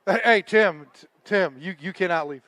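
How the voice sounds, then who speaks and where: High-voiced chatty weigh-in emcee man. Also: moderate pace, sharp tone, no echo. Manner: chatty, joking, talks with the anglers and crew. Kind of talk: live event emceeing with casual banter.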